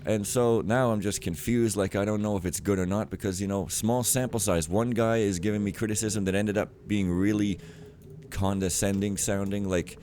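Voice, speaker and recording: A man's voice: lowish voice, steady tone, normal speed, darkish tone, slight background noise. A man giving casual gameplay commentary, rambling and cutting himself off as he rants. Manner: rambling, self-interrupting, ranting. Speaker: let's player.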